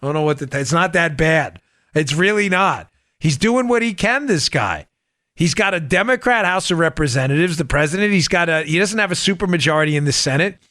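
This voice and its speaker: A man hosting a political talk podcast, ranting in an animated, mocking way with quick asides. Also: a little high, no echo, clean studio sound. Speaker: podcast host. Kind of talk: political talk show monologue.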